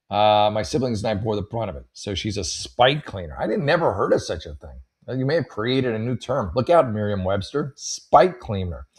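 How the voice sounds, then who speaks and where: A man's voice: mid-range voice, a little mellow. A man hosting a comedy show, reading letters aloud and riffing with rambling, wry asides. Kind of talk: casual comedic commentary.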